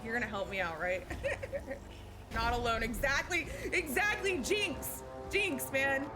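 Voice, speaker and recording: A woman with a high voice talks casually to her stream chat as she plays. She is candid, swears freely and circles back over the same words. Loud game music plays underneath her. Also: takes it slowly. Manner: candid, swears a lot, repeats herself. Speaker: live streamer. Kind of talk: casual chat while gaming.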